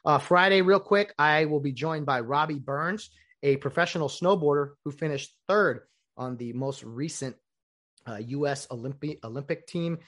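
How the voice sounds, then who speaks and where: A man's voice: a little high, normal speed. A man hosting a casual solo show, rambling and acting out the lines he quotes. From United States. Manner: rambling, animated, acts out quoted dialogue. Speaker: podcast host.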